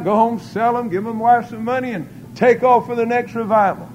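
Old preacher guy telling war stories, kinda high pitched, yells praise god now and then. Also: moderate pace, slight background noise, rough recording. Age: older. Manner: folksy storytelling with shouted praise. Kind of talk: sermon testimony.

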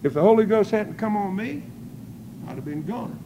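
Old preacher guy telling war stories, kinda high pitched, yells praise god now and then. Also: animated, moderate pace, background noise. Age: older. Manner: folksy storytelling with shouted praise. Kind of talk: sermon testimony.

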